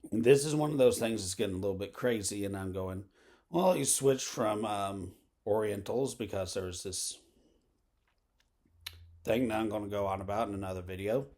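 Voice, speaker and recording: Man, lowish voice, rambling vlog monologue, lots of fillers and tangents. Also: moderate pace, a little mellow. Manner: meandering, full of fillers and asides. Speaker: vlogger.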